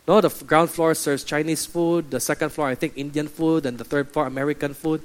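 A man preaching to his church, acting out the voices of churchgoers with lively energy. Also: on the high side, a little fast. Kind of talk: sermon. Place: church hall.

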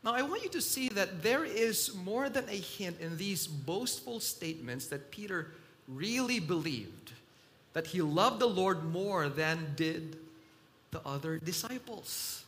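A man preaching a sermon in a slow, emphatic delivery that swells loud and drops soft. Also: sits high, lively intonation.

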